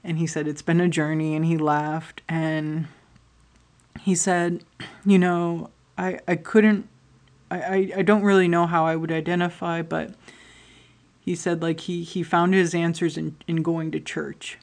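A woman's voice: on the low side, level tone, measured pace, a little mellow. A woman talking to her audience in a rambling, candid personal monologue, swearing often as she tells stories about her life. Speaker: podcast host.

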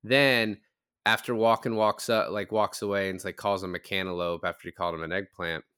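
Low, smooth-voiced man on a podcast. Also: a little fast. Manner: relaxed, loose with fillers. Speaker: podcast co-host. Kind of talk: casual chat.

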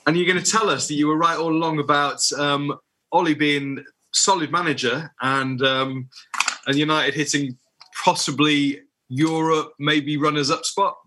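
A man's voice: on the high side, fairly even intonation, normal speed, sharp tone. A man co-hosting a football podcast, self-deprecating and stumbling over repeated words. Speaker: podcast co-host. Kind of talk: casual chat, football talk.

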